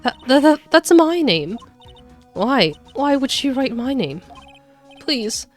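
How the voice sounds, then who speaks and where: A woman voicing a distraught young woman grieving her sister, reading game dialogue on stream in a halting, stammering way. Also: medium pitch, soft background music, voice pushed up, lightly acted.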